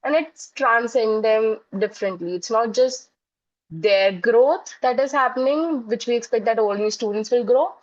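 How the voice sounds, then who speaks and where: A woman's voice: on the high side, normal speed. Earnest woman educator, dull lo-fi audio. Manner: earnest, explains through classroom stories. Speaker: psychologist and educator guest. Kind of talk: interview answers.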